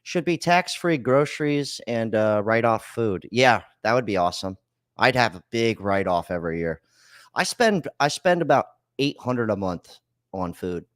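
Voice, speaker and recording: A man's voice: on the low side, animated, moderate pace, no room sound, studio quality. A man hosting a call-in podcast, ranting bluntly and swearing about living costs in casual chat. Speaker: podcast host. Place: home studio, Florida.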